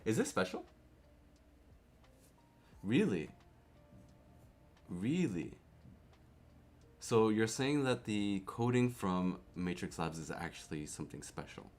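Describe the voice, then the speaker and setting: A young man from Canada chatting casually on a live stream, excitable, laughing often and repeating his words. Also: fairly low pitch, slow, long pauses. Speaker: keyboard streamer.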